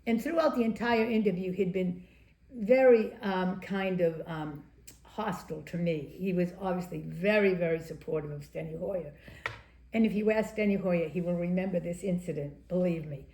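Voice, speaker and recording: An older woman from Maryland, a former political candidate being interviewed, telling anecdotes in a lively storytelling way and acting out the quotes. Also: lowish voice, normal speed. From Maryland, USA. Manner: lively raconteur, acts out quotes, laughs often. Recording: echoey room.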